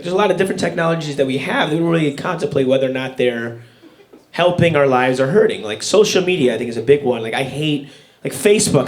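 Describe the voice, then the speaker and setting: A man performing a stand-up set on stage, ranting in a deadpan way and slipping into put-on voices. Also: on the high side. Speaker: stand-up comedian. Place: comedy club stage with laughing audience. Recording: live room with crowd laughter.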